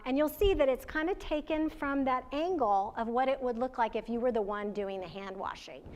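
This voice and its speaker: Woman, workshop presenter, conversational and chatty, voice a touch high. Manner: conversational, chatty, laughs often, asks the audience questions. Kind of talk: training presentation to parents and educators.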